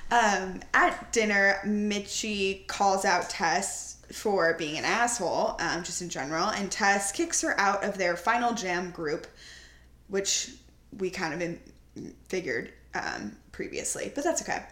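A woman's voice: mid-range voice, a little slow, fairly bright tone, roomy sound. An American woman co-hosting a podcast, recapping a movie in casual chat, hesitant and full of fillers. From United States. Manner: chatty, hesitant with many ums and likes. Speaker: podcast co-host.

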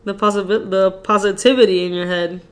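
A woman guesting on a casual podcast, gushing and excitable, laughing easily. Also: medium pitch, a little fast.

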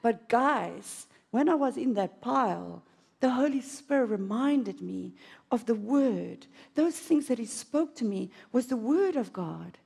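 A woman's voice: animated, measured pace, gravelly, mellow, husky. Emotional woman preaching. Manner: emotional storytelling with dramatic swings in pitch. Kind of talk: sermon. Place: auditorium.

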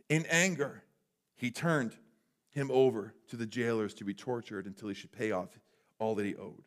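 A male pastor preaching a sermon in a church, conversational and animated, sometimes dropping to a hush for effect. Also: mid-range voice, normal speed. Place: church sanctuary.

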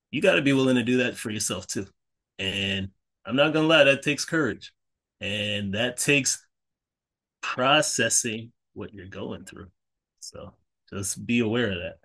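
A man's voice: on the low side, measured pace, fairly bright tone. A man co-hosting a podcast in a casual, earnest way, encouraging listeners with faith-driven talk and many fillers and self-corrections. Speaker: podcast co-host.

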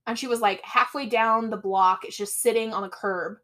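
A woman's voice: on the high side, steady tone, normal speed, pushed and bright. A young woman co-hosting a podcast, chatting casually as she retells a movie's plot and acts out the characters' lines. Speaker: podcast co-host. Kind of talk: casual chat recapping a movie.

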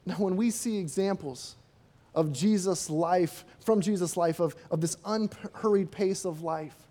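High-voiced preacher giving a sermon. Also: male voice, a little slow, warm tone. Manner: conversational, rhetorical questions, acts out quotes.

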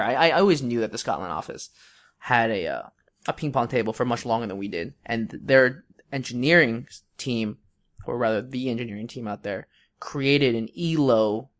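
A man's voice: mid-range voice, a bit bright. A young man co-hosting a podcast, telling a long story in a casual, rambling way with many fillers and restarts. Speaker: podcast co-host.

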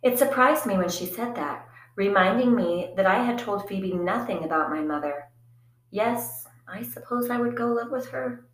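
A woman narrating a first-person storybook in a quiet, reflective, even manner. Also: medium pitch, moderate pace. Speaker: audiobook narrator. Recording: echoey room.

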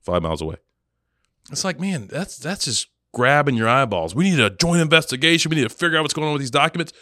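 A man co-hosting a podcast in casual chat, sarcastic and animated, laughing often. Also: fairly high pitch, fast, dry recording, clean studio sound. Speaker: podcast co-host.

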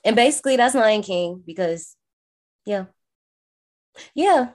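A woman's voice: medium pitch, a little slow. A woman co-hosting a podcast, casually recapping a horror movie and breaking into exaggerated quoted voices. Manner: animated, swings into exaggerated voices when quoting. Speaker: podcast co-host.

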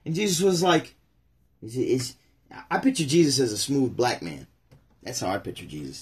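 A man's voice: mid-range voice, expressive, moderate pace, long pauses, husky. A man from upstate New York hosting his own livestream, ranting bluntly and chatting casually with viewers. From Syracuse, New York. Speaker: channel host.

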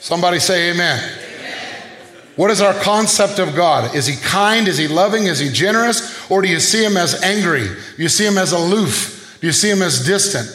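A man with a high voice preaches a sermon, firing off questions and calling for responses. The sound rings out in an echoey room. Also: lively intonation, moderate pace, bright, forceful tone. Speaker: pastor.

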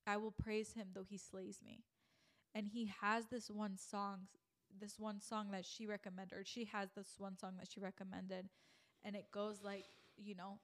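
Young female podcast host, lively storyteller who acts out her own thoughts. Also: medium pitch, moderate pace. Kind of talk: faith podcast conversation.

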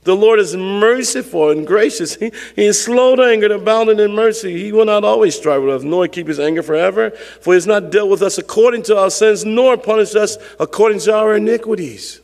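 A man's voice: high voice, fairly quick, creaky, hardly any pauses, darkish tone, in a large hall. A male pastor preaching a sermon with emphatic, repetitive phrasing and call-and-response to the congregation.

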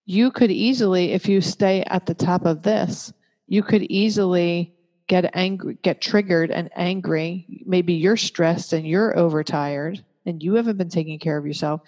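A woman giving a calm, measured talk that teaches parents. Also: lowish voice. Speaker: parenting educator. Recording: long reverb.

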